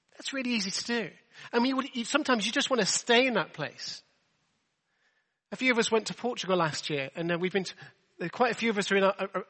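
Chatty preacher in a reverberant hall. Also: male voice, sits high, pushed and bright. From England. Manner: chatty, self-deprecating, rhetorical questions. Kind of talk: sermon.

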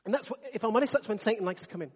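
Preacher with a high voice. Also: male voice, racing, breathy edge, in a large hall. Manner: earnest and conversational, with frequent restarts. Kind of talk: sermon. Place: church.

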